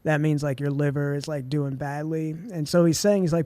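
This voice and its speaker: Man in his 20s, podcast guest, slightly high voice, relaxed chatty storyteller, dry close mic. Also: fairly quick, no room sound. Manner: laid-back, heavy on "like" and "dude". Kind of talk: casual storytelling.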